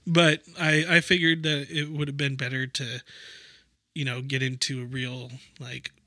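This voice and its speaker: A man's voice: mid-range voice, flat delivery, measured pace, sharp tone, dry recording, studio quality. A man co-hosting a podcast in casual chat, rambling and joking, often stopping to restart his sentences. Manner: rambling, self-interrupting, joking. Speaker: podcast co-host.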